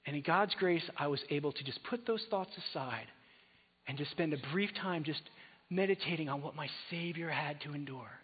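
A slightly high, breathy-edged male voice preaches at normal speed, moving between gentle reflection and emphatic urging in a conversational sermon. He's in a large church hall, captured with phone-like sound and long reverb.

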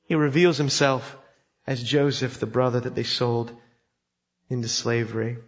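A man's voice: medium pitch, fairly even intonation, a little slow. A man preaching a sermon, telling a story with emphasis and putting questions to his listeners. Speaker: pastor. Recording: dull sound in a reverberant hall.

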